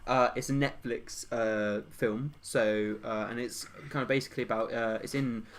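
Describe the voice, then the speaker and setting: A man's voice: medium pitch, steady tone, moderate pace. A young man co-hosting a casual podcast, hesitant with many fillers but playful. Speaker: podcast co-host. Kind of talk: casual chat.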